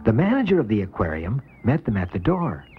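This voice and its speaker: A man's voice: fairly low pitch, brisk. Guy reading a kids' story, voice jumps all over, muffled old vhs, music playing behind. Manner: animated, expressive reading. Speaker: narrator. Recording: dull lo-fi VHS tape.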